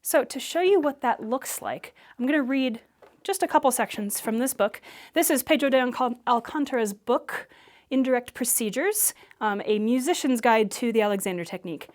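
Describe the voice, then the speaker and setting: A woman Alexander Technique teacher who explains and demonstrates movement for public speaking in a clear, patient way. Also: on the high side, animated, normal speed.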